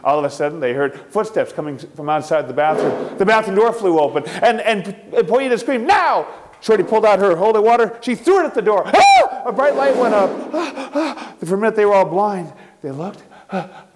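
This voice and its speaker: A man narrating a campy ghost story, theatrical and gleeful, his voice sitting somewhat high and swinging widely for effect. He chuckles often through the grisly parts. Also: lively intonation, fairly quick, a little mellow, slight background noise.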